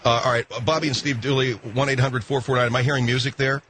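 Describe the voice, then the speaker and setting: A man's voice: mid-range voice, flat delivery, fast, background noise. A man hosting a comedy talk radio call-in show, reacting with playful disbelief.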